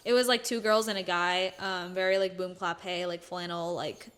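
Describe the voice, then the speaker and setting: A young woman co-hosting a podcast, telling stories in a casual, animated way and acting out what people said. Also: lowish voice, moderate pace, clean tone. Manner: animated storytelling, acts out quotes, laughs often. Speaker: podcast co-host. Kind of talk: casual chat.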